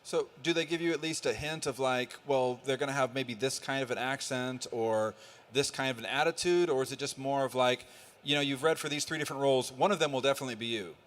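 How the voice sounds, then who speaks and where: A man moderates a panel on a conference stage. He talks fast at a mid pitch and puts his questions briskly and curiously. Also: fairly bright tone. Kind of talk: interview questions.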